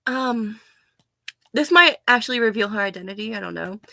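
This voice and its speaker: A woman's voice: fairly high pitch, expressive, moderate pace, vocal fry, pushed and bright, dry recording. An American woman ranting in a casual vlog, blunt, profane and sarcastic, often laughing. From United States. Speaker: vlogger.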